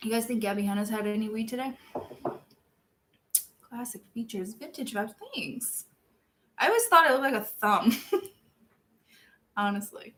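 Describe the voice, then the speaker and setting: A young woman chatting casually with her viewers, self-deprecating and laughing often, jumping from loud outbursts to quiet mumbles. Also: a little high, moderate pace, long pauses, slight background noise. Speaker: streamer reading viewer chat. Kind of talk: casual chat.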